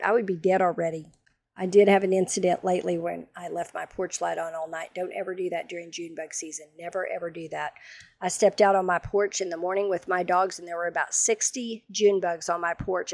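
Woman in her sixties, comic storyteller, dry close mic, animated and dramatic. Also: fairly low pitch, creaky, dry recording. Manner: animated, dramatic, humorous retelling. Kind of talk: casual storytelling monologue.

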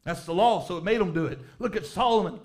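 A man preaching a revival sermon in church, reading scripture aloud and rising fervently into shouts on key phrases. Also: high voice, fast. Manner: reads scripture aloud in old-style wording.

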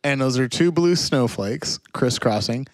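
A man with an average-pitched voice chats easily as a podcast co-host, tossing in quick checks like "right?" as he talks. His voice is close and dry. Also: animated, dry recording. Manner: conversational, often checks in with "right?". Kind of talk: casual chat.

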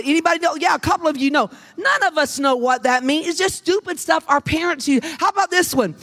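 Give me a middle-aged woman with a drawl, preaching from a church platform. She talks in an animated, folksy way, tells homey stories and keeps tossing questions out to the congregation. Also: sits high, quick pace, hardly any pauses. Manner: animated, chatty, folksy, addresses the room with questions. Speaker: pastor's wife preaching to a congregation. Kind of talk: humorous storytelling sermon. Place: church sanctuary with a live congregation.

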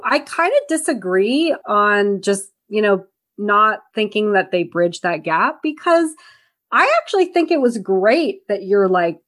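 Animated, swearing woman reviewing a movie. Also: medium pitch. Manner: animated, swearing, acts out characters' lines. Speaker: podcast co-host. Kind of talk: casual movie review chat.

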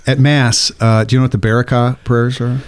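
A man's voice: medium pitch, level tone, fairly quick, clear, resonant tone. A man co-hosting a casual podcast, explaining ideas patiently in a teacherly way and thinking aloud. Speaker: podcast co-host, liturgy teacher.

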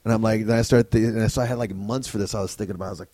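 A stand-up comic rants through a profane story, piling up asides and swear words. His voice sits on the low side and sounds dry and close to the mic. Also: fairly even intonation, very fast, few pauses, mellow, no echo. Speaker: stand-up comedian, podcast guest. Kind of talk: casual podcast chat.

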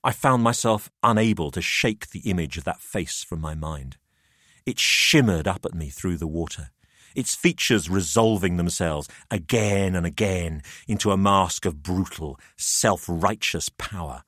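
A man narrating a macabre tale in the first person, expressive and dramatic. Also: sits low, measured pace, dry recording, studio quality. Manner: expressive, rising to frantic shouts in dialogue.

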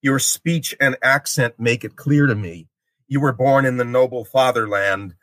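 A man voicing a proud noble male heretic, reciting his lines in a stately, measured way. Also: medium pitch, fairly bright tone, no echo, close to an everyday voice.

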